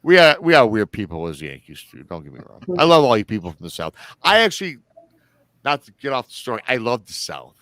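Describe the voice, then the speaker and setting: A man's voice: mid-range voice, very animated, quick pace, a bit bright, no room sound. A man from Michigan hosting a livestream, telling a story in a rambling, chatty way that often corrects itself. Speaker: host.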